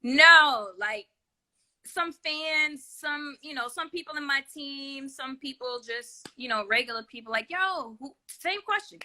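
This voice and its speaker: A woman's voice: high voice, lively intonation, measured pace, sharp tone, a little hiss or hum. A woman guest in a casual interview over a video call, easygoing and candid, laughing often. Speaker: guest singer.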